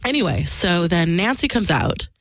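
A woman's voice: fairly low pitch, sing-song, normal speed, no echo. A woman telling a personal story in frank, casual conversation, swearing freely and acting out the lines of the people in it. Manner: frank and emphatic, swears freely, acts out quoted dialogue.

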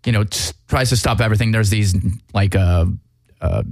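A man's voice: on the low side, normal speed, dry recording, studio quality. A man hosting a casual chat, rambling through a movie plot with profanity, fillers and restarts.

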